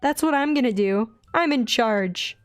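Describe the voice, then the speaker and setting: A young woman with a light Southern accent chats in a bubbly, rambling, easily excited way as she works on a drawing. Her voice sits a little high. It is recorded close and dry, with soft music playing underneath. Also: measured pace, dry recording. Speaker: digital artist streaming her drawing. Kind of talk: casual chatty art stream.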